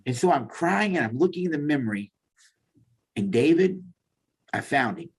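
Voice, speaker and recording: A man's voice: mid-range voice, sing-song, moderate pace, husky. A man, a therapist guest, sharing a heartfelt personal testimony in conversation and acting out the dialogue as he tells it. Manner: heartfelt storytelling, acts out dialogue. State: tearful at times.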